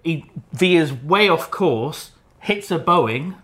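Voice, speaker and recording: A man's voice: fairly high pitch, animated, fairly bright tone. A man co-hosting a casual chat, joking around and swearing freely. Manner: joking, profane, quick to laugh.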